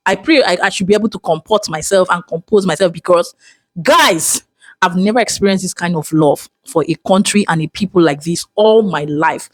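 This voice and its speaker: A vlogger from Nigeria speaks with a Nigerian accent in a mid-range voice. The delivery is dramatic and expressive in an emotional personal monologue. The sound is dry, with no room echo. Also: medium pitch.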